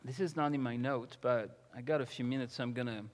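A man's voice: medium pitch, steady tone, fast. Man, pastor, sermon, impassioned, emphatic, long reverberant hall. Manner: impassioned, rising to loud emphatic reading.

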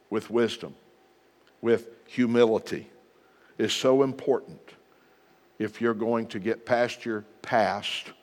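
A man's voice: on the low side, a little mellow, in a large hall. A middle-aged man, a pastor, preaching a sermon in an earnest, plain-spoken way with repeated exhortations.

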